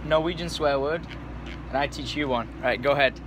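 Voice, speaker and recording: A young man from England vlogging casually, excitable and swearing a lot, with bursts of shouting. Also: a little high, a little fast, noisy background. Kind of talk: casual vlog chat.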